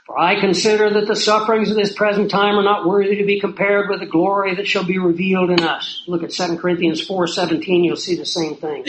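Throwing rhetorical questions at his listeners, a man gives a conversational sermon in a voice that sits high with a fairly bright tone. Faint noise and a roomy echo color the recording, which suggests an outdoor spot or lodge near hills and prairie.

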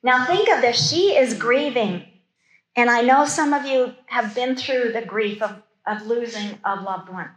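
A woman teaches a Bible study sermon in a fairly high voice. She reads the verses aloud, then breaks off into casual, conversational asides about them. The room adds a noticeable, roomy echo. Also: unhurried.

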